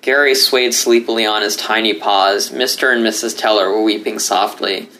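A man reading a story aloud as narrator, in a steady, expressive way. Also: on the low side, normal speed, a little hiss or hum. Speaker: story reader. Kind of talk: audiobook narration.

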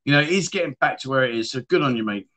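A man hosting a casual livestream chat show, rambling warmly and reading viewer comments aloud with friendly asides. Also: medium pitch, expressive, rapid-fire. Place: lives abroad in Thailand.

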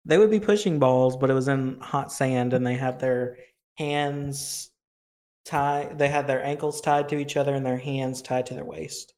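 A man's voice: mid-range voice, normal speed, darkish tone. Casting: man, co-host, dry wry asides, casual chat.

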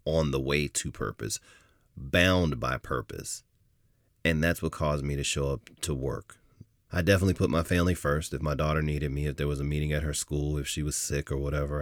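A middle-aged man hosting a podcast, telling a personal story in an animated, emphatic way that swells as he goes. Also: rumbling low, no room sound, studio quality. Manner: animated, emphatic retelling with rising intensity. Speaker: podcast host.

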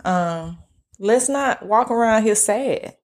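A woman hosting a podcast solo, talking in a relaxed, slangy way with a flat, monotone delivery and casual swearing. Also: medium pitch, slow. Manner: self-described monotone delivery. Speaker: podcast host.

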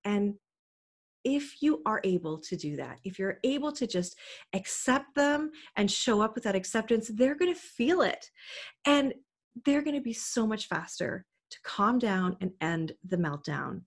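A woman coaching parents in a direct-to-camera talk, earnest and encouraging. She keeps turning to the listener with questions. Her pitch sits in an ordinary middle range. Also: animated, measured pace. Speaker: parenting educator.

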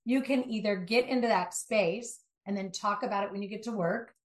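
Animated woman from Southern California. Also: mid-range voice, moderate pace, reverberant. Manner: animated, emphatic storytelling with asides and mock voices. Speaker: guest, life coach. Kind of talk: conversational interview.

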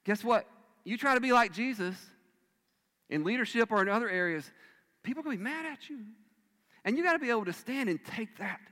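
A male pastor preaching a sermon, swinging between loud emphatic bursts and hushed, quiet lines. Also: extremely high pitch, lively intonation, a little fast, long pauses. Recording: long reverb of a large hall.

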